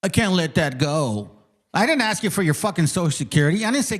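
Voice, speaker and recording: A man's voice: sits high, big pitch swings, fast talker, noisy background. A man hosting a live online debate, combative and profane, who interrupts constantly and repeats himself. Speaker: host of a live debate stream.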